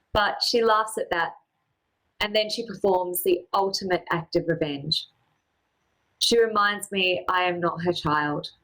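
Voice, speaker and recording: A woman performing a personal spoken-word story, with a measured, poetic and deliberate delivery. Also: fairly low pitch, a bit bright, rough recording.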